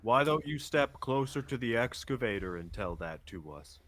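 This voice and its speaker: Taunting player with a lively voice. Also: mid-range voice, moderate pace. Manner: taunting, confrontational. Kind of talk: tabletop role-play.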